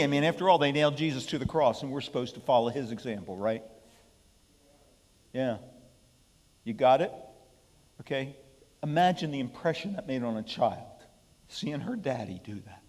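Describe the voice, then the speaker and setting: A man's voice: mid-range voice, darkish tone. Emphatic man preaching in a church hall. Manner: emphatic, keeps asking the room "okay?". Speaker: pastor leading Bible study. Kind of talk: sermon-style Bible study. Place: church hall with an audience, live streamed.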